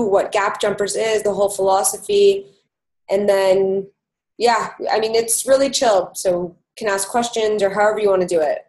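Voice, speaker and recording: A woman's voice: mid-range voice, poor audio. A woman hosting and moderating an online seminar in a loose, chatty way over a video call. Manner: chatty, loose, self-correcting. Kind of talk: casual webinar moderating.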